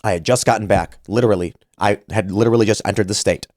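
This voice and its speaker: A man's voice: on the low side, quick pace, a little mellow, no echo, clean studio sound. A man in his thirties hosting a podcast, telling a story casually and animatedly, acting out the voices he quotes. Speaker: podcast host.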